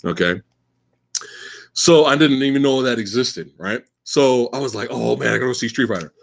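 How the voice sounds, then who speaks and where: Running a live Q&A chat on his stream, a livestream host in his forties speaks in a creaky, medium-pitched voice at normal speed. His delivery is animated, rambling, and full of profanity, and he stammers, repeating words as he restarts sentences.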